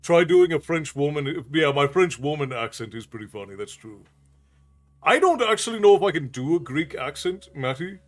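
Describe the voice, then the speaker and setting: A man's voice: on the high side, big pitch swings, normal speed. A man from New York City, a streamer, chatting casually with viewers, reading their messages aloud and laughing often.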